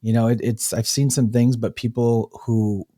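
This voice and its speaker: Lively storytelling man with a dry sound. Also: medium pitch, normal speed, no room sound. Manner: animated storyteller, acts out quotes, laughs easily. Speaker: breathwork facilitator, guest. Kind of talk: casual storytelling interview.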